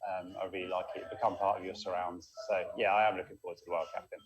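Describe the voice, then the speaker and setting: A man, a long-distance cyclist, chatting upbeat and quickly in a casual interview over a phone call. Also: low voice, little pitch movement.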